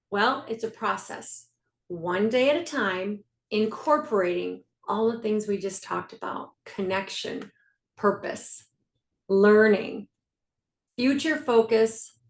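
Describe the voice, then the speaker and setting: A woman leading a faith-based health coaching group on a video call, earnest, repeating key phrases and laughing at herself. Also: medium pitch. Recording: echoey room.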